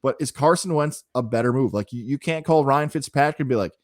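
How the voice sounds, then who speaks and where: A man's voice: medium pitch, a little fast, no room sound, studio quality. A man co-hosting a sports podcast, talking through team predictions with opinions and the odd mock quote. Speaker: podcast co-host. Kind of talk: casual sports chat and analysis.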